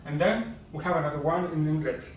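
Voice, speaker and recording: A man teaching a basic language lesson at a slow, patient pace and repeating each word, recorded from a distance so it sounds muffled. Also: fairly high pitch, very echoey, slight background noise. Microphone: camera or phone far from speaker.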